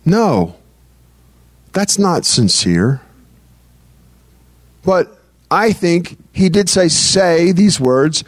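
A man's voice: on the high side, very animated, extremely slow, long pauses, no room sound. A man preaching a conversational sermon as pastor. He speaks earnestly and breaks into prayer as he teaches. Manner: earnest, prays aloud mid-talk.

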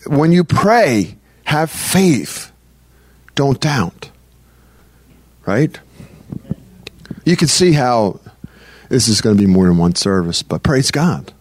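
A man preaching a sermon in a loose, conversational way, often repeating phrases and restarting sentences, and reading scripture slowly. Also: medium pitch, big pitch swings, darkish tone.

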